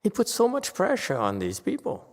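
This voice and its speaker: A man giving a Buddhist lecture, pressing his listeners with pointed rhetorical questions and jumping up in pitch to stress a point. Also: huge pitch swings, moderate pace, in a large hall. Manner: sudden rises in pitch and force when stressing a point. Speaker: Buddhist teacher. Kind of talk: Dharma lecture.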